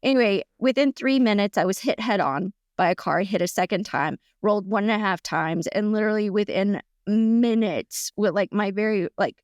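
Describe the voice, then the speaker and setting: A middle-aged woman speaks as a podcast guest, recounting her story in a lively, chatty way and tripping over fillers and restarts as she goes. Her voice sits in an ordinary middle range. The sound is close and dry, with no room around it. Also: mid-range voice, normal speed, few pauses, no room sound. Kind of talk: casual storytelling in conversation.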